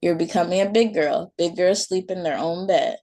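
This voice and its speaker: A woman voicing a patient but firm young mother, gently scolding her child at bedtime. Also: on the low side, moderate pace.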